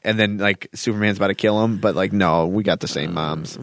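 A young man speaks as a guest on a casual podcast, ranting and joking with friends. His voice is on the low side. The recording is dry and close. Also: brisk, dry recording. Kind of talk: casual chat.

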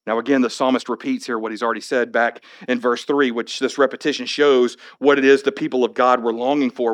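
At a medium pitch, a male pastor preaches in plain, conversational language. His delivery builds to animated passages that climb upward.

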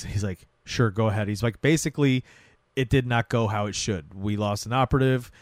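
A man's voice: on the low side, a little fast, dry recording. A man co-hosting a podcast, chatting casually and retelling scenes with quoted lines. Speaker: podcast co-host. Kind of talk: casual recap chat.

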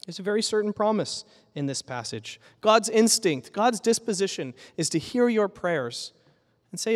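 A pastor preaching a sermon in an earnest, emphatic way, building with repeated phrases. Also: male voice, high voice, very animated, moderate pace, long reverb tail.

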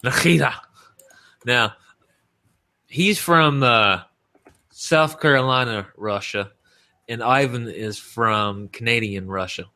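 A man's voice: medium pitch, slow pace, long pauses, bright, forceful tone. A man co-hosting a podcast, giving a blunt, profanity-laced play-by-play recap of old wrestling matches in casual chat. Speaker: podcast co-host.

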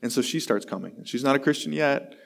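A man's voice: mid-range voice, animated, fast, vocal fry. A man, a pastor, giving a sermon in a conversational, self-deprecating way, telling a long story and acting out the voices in it.

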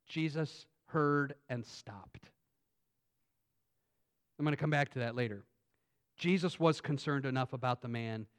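A man preaching a sermon in a conversational way, swinging between loud emphatic lines and quiet asides, often restarting his sentences. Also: on the high side. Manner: frequent restarts and repetitions. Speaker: pastor.

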